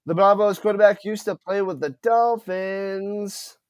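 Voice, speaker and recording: A man's voice: high-pitched, unhurried, no echo. A man streaming live play-by-play of a football game, talking to his chat and tripping over unfamiliar player names. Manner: excited commentary, chats with viewers, stumbles over names.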